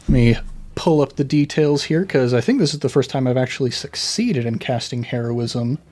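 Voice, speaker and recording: A man's voice: mid-range voice, moderate pace, darkish tone. A man with a mid-range voice plays a tabletop game, working through his turn step by step and reading out each rule as he goes. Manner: methodical, reads out rules. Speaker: player.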